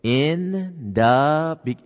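A man voicing a friendly neighbor woman who reads aloud slowly and welcomingly. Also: fairly high pitch, animated. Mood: kindly. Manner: bright, welcoming, slow reading aloud. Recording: dull sound, long hall reverb.

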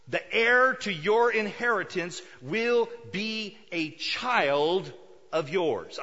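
Male pastor, emphatic sermon delivery, fairly high voice, dull sound with a long reverb tail. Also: bright, forceful tone. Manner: emphatic, rhetorical questions to the congregation.

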